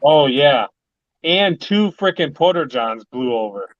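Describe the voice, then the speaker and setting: A man chatting casually with friends, telling animated stories full of "like". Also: a little high, measured pace, dull audio, slight background noise. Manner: animated storytelling, peppered with "like". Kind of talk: casual chat.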